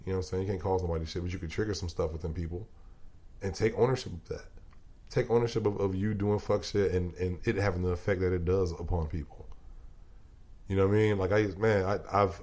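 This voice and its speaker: Laid-back low-voiced man riffing casually. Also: fairly even intonation, quick pace, darkish tone. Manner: loose, emphatic, profane, laughs often. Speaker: podcast guest. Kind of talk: casual chat.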